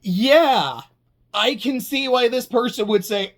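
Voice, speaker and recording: A casual anime reviewer rants in a loose, conversational voice, swearing freely and tripping over repeated words. The delivery is animated, jumping between exasperation and quick asides. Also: medium pitch. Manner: animated, swearing, stammering restarts, laughing asides. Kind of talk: casual chat.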